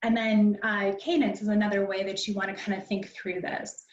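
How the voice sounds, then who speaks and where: A woman teaching presentation skills in a conversational, instructive way, often pausing on "um". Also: medium pitch, little pitch movement, distant mic. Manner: conversational and instructive, peppered with ums. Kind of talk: online library workshop lecture. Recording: dull, roomy sound from away from the mic.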